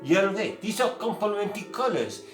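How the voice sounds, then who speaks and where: A man's voice: high voice, animated, a little fast. An older man giving a casual painting lesson, joking and making theatrical asides to his viewers. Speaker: painting teacher. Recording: echoey room, mic at a distance, faint music.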